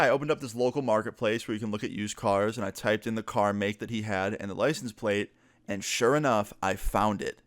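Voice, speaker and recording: A man and gaming YouTuber telling a storytime vlog in an animated way, swearing casually. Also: lowish voice, no echo.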